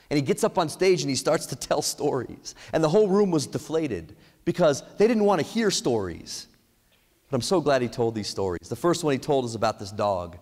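A man giving an energetic motivational speech on ethics, asking the audience many questions. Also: mid-range voice, fairly quick. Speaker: speaker at an ethics event. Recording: echoey hall reverb.

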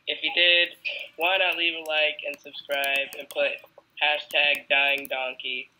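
A hoarse woman chats her way through a gameplay video, her voice low and unhurried. Her tone is strikingly bright despite the rasp, and she drawls her way through the outro. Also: little pitch movement, a little hiss or hum, rough recording. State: hoarse, coughing. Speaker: gaming channel host. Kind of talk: casual gameplay commentary.

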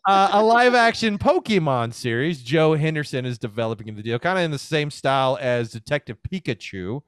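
A man hosting a podcast in casual, profane chat, joking with a dark sense of humor. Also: a little high, expressive, fairly quick, clear, resonant tone, dry recording, clean studio sound. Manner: jokey, swears often, dark humor. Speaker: podcast host.

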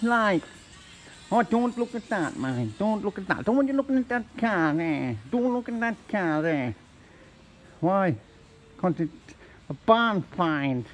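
A man working alone outdoors holds a comic argument with himself, swapping between a high agitated voice and a low calming one, with plenty of swearing. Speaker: vlogger working alone on his yard. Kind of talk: comic self-dialogue. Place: outdoors at a work yard.

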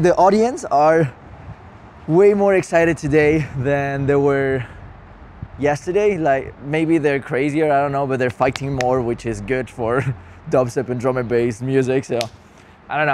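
A fairly high-pitched young man talks excitedly into his camera at an outdoor festival, rambling through fillers and restarts. His voice is cracking and half gone from a long night, with faint noise behind him. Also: normal speed. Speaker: vlogger. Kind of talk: casual vlog to camera.

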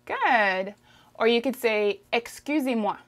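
A woman with a Canadian French accent teaching a French lesson, drawing out phrases slowly for the listener to repeat and checking in with "okay?". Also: a little high, lively intonation. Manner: slow, drawn-out pronunciation drills, frequent "okay?" checks. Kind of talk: language lesson, modelling phrases for repetition.

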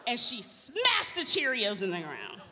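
Animated, high-voiced woman telling comic stories. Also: a little slow, slight background noise. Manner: animated, laughing, addresses the crowd. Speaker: speaker at a women's event. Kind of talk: comic storytelling to a live audience. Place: large event hall. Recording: live hall with long reverb, faint ambience.

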